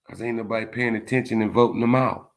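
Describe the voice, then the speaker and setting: A man's voice: fairly low pitch, fairly even intonation, quick pace, gravelly. Frustrated man ranting, drawling "man". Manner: frustrated, preachy, repetitive "man" tags. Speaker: vlogger. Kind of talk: impassioned monologue.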